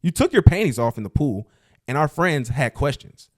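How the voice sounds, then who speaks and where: A man's voice: medium pitch, sing-song. A man voicing a prim, offended young woman. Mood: indignant. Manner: prim, measured reading voice. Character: offended young woman reading her own complaint.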